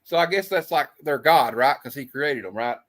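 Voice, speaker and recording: A man hosting a casual streamed show, reading old comic panels aloud with quick put-on voices and frequent laughter. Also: medium pitch, animated, no echo. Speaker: host. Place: streamed show, live online.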